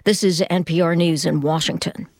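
A woman newscaster reading national headlines in a measured, crisp delivery. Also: fairly low pitch, fairly even intonation, a little mellow, no echo, studio quality. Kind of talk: scripted news reading.

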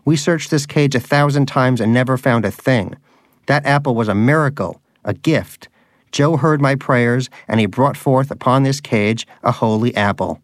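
A man's voice: mid-range voice, normal speed, no room sound, clean studio sound, pitched above the performer's own voice, close to an everyday voice. A man voicing a pious, indignant male pet rodent who lectures in a preachy way.

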